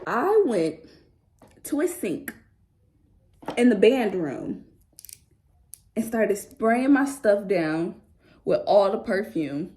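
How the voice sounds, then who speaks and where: A young woman spins a casual storytime to camera. She talks in animated, slangy bursts and swears freely. Her voice sits at an ordinary middle pitch. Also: slow, pauses often. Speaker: vlogger.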